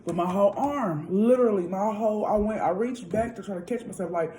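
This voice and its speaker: Chatty woman telling a storytime, mellow voice. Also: mid-range voice, fairly quick, slight background noise, low-quality recording. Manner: chatty, animated, addresses viewers directly. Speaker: vlogger. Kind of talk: casual storytime while eating.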